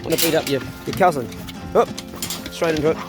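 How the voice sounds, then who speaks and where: A man's voice: fairly high pitch, brisk, loud music behind the voice. A middle-aged man chatting casually outdoors on a farm, talking to his dogs and laughing at himself. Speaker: farm vlogger. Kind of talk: casual vlog chat.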